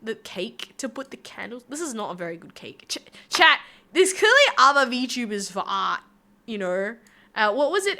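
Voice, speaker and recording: Bright, lively young woman streamer. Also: high-pitched, fairly quick. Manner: playful, chatty, talks to chat while drawing. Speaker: VTuber streamer. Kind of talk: casual live-stream chat.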